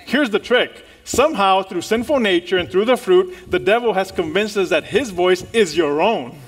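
A male pastor preaching a sermon, lively and animated, firing rhetorical questions and laughing with the congregation. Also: high-pitched, moderate pace, slightly rough.

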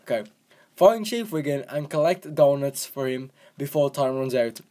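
A man giving casual, jokey commentary while playing a video game, rambling and breaking into excited yells. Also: medium pitch, normal speed. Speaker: gaming commentator.

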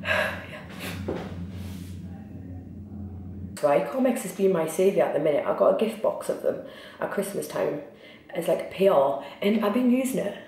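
A woman's voice: medium pitch, a little mellow. A young woman with a Geordie accent from Newcastle chatting candidly in a get-ready-with-me vlog, ranting and swearing freely. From Newcastle, England. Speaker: vlogger. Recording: echoey, distant, noisy.

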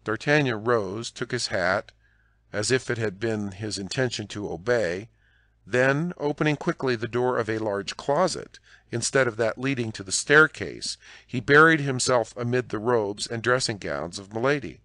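Guy reading a classic novel out loud, measured and expressive, mid pitch, no room sound. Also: no room sound, clean studio sound. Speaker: audiobook narrator. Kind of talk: audiobook narration.

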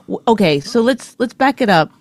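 A woman's voice: fairly high pitch, lively intonation, normal speed, a little mellow, dry recording. A woman with a Canadian accent co-hosting a podcast in casual chat, pressing her point with pointed, probing questions. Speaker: podcast co-host.

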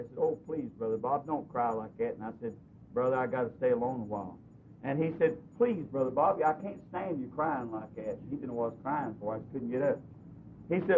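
A man preaching in a church, telling a personal story earnestly, his voice swinging between loud and soft. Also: fairly quick. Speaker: pastor. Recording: dull lo-fi recording with faint hiss and rumble.

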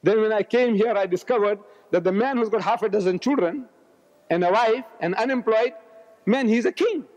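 A man in his seventies lectures with a loud, roaring delivery and a rather high voice. The sound is an old, dull archive recording with a long echo from a large hall. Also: normal speed. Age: 70s. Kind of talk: public lecture.

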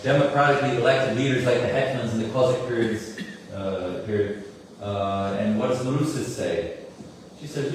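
A man in his forties who tells a story to an audience, animated, with many fillers and asides. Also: mid-range voice, normal speed. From United States. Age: 40s. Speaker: musician giving a talk. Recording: echoey hall, mic at a distance, faint room noise.

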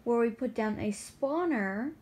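A woman's voice: a little high, lively intonation, measured pace, darkish tone. A woman co-hosting a gaming video, chatting in a playful, teasing way as she plays. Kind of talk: casual gameplay chat.

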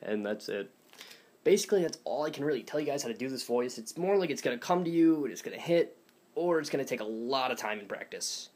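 A young man talks through a casual voice tutorial, rambling and self-deprecating with plenty of fillers. His pitch sits right in the middle for a man. It sounds recorded on a phone or webcam at home. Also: lively intonation, fast, a little mellow. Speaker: voice impressions teacher.

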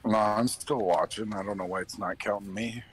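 A man's voice: fairly low pitch, steady tone, normal speed. A man casually chatting with a stream host in a laid-back, hesitant way. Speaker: friend watching the stream. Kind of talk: casual chat.

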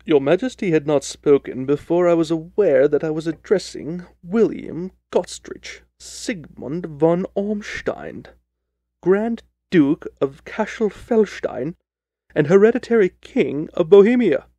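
A man's voice: on the high side, expressive, measured pace, mellow, no room sound. A man voicing a cool, languid male detective in a radio drama, speaking in a dry, clipped, understated way.

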